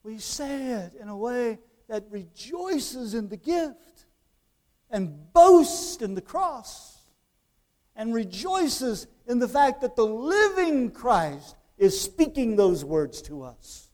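A man with a fairly high voice delivers a sermon. He talks conversationally, throwing rhetorical questions at his listeners, and moves between hushed, drawn-out phrases and loud, emphatic ones. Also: big pitch swings. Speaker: preacher.

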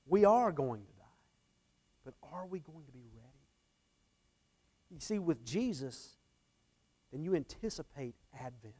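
A man's voice: a little high, dark tone. Earnest man preaching a sermon. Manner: earnest, repeats phrases, varies emphasis. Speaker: pastor.

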